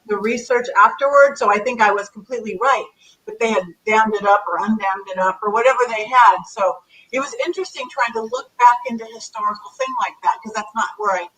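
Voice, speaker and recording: A woman being interviewed as a psychic medium, chatting in a lively, animated way over a video call. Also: mid-range voice, a little fast, rough recording. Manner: chatty, animated, acts out commands to spirits. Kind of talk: casual interview chat.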